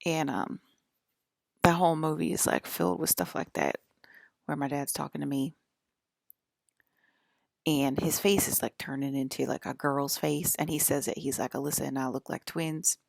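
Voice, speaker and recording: A woman in her forties with a low, gravelly voice, drifting through a loose monologue at home. She talks in a rambling, filler-heavy way and keeps checking in with "okay?". The sound is dry and close, with no room around it. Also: moderate pace, pauses often, no echo. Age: 40s. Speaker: channel host.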